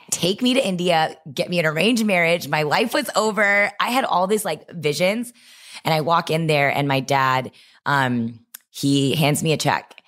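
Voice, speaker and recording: A young adult woman from the United States, a guest entrepreneur, telling her story in an animated, expressive way during a casual interview. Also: deep voice.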